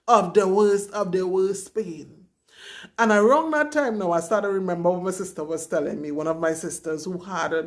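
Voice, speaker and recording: A young woman, candidly and dramatically retelling her own story to camera as a vlogger. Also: on the low side.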